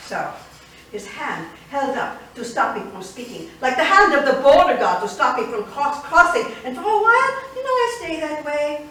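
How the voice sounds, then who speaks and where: An older immigrant grandmother recounts her life in a lively, expressive monologue, as a woman plays her on stage. The voice sits fairly high and bright, with a very animated rise and fall. It is heard from a distance in a strongly reverberant theater with faint room noise. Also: heavily acted. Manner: expressive storytelling, switching between wistful and fiery. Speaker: solo stage performer.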